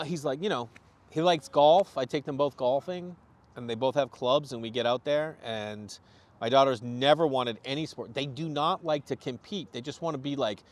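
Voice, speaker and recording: A man from Boston, a comedian guest on a podcast, telling animated stories and acting out what people said. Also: a little high. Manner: animated storyteller, acts out quotes. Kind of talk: casual podcast chat.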